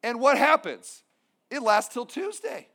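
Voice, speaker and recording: A man's voice: very high voice, big pitch swings, measured pace, sharp tone. A male pastor preaching a sermon, emphatic, with humorous asides.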